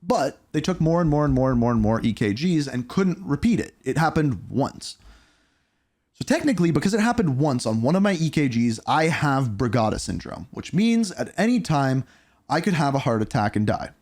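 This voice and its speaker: A man in his thirties telling a candid storytime vlog, animated and blunt, with casual swearing. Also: a little high, moderate pace. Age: 30s. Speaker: YouTuber.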